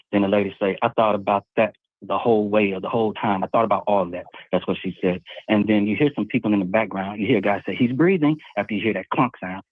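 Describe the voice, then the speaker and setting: A man's voice: on the low side, no echo. A man calling in to a live show, casually rambling as he retells what he heard, step by step. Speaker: caller. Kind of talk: casual call-in talk. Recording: tinny phone line.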